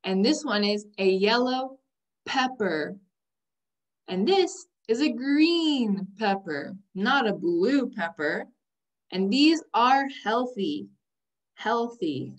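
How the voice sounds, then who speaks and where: Slow, careful woman teaching vocabulary. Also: a little high, expressive. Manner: very slow, drawn-out words, repeats each word for the class; stresses sounds one by one. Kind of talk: slow, clear vocabulary lesson for young learners.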